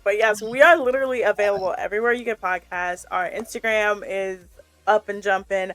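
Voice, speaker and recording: An effusive, bubbly woman co-hosting a podcast, talking in a mid-range voice. She is recorded dry and close to the mic. Soft music sits faintly underneath. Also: medium pitch, fairly even intonation, fairly quick, dry recording. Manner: bubbly, effusive, pleading with listeners. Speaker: podcast co-host. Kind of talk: casual chat, sign-off.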